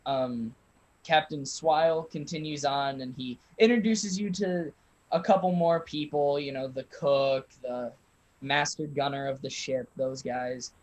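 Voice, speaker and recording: Man, game master, casual halting narration, tabletop game. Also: medium pitch, steady tone, low-quality recording.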